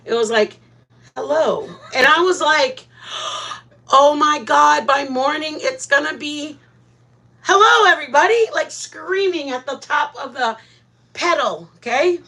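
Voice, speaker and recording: A woman hosting a live stream, chatting casually with viewers and telling animated stories, often laughing. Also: sits high, a little slow.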